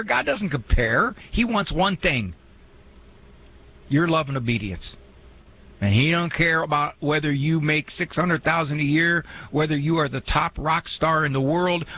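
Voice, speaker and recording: A man hosting a radio talk show, speaking in a lively, folksy way with joking asides. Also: on the high side, poor audio. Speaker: radio host and psychologist.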